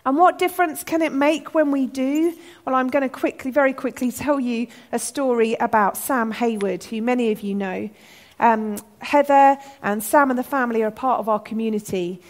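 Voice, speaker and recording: A woman giving an earnest, animated sermon talk to her church. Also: fairly high pitch, normal speed. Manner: earnest, animated, acts out shouted quotes. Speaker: church speaker.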